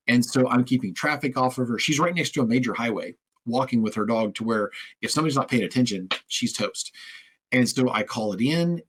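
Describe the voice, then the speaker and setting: A man hosting a podcast, telling stories in a casual conversational way and acting out quoted voices as he goes. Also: medium pitch. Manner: animated storyteller, acts out quoted voices. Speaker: podcast host. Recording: husky, occasionally crackly audio.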